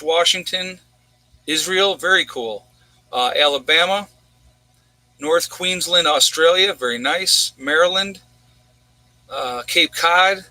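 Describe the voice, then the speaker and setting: A man chatting casually on his livestream, rambling and conversational as he reads out where viewers are tuning in from. His voice is very bright and sharp, and it sits a little higher than most men's. The sound is dry and close, with no room echo. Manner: rambling and conversational, often saying "you know" and "okay?"; reads viewers' locations off a list. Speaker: livestream host.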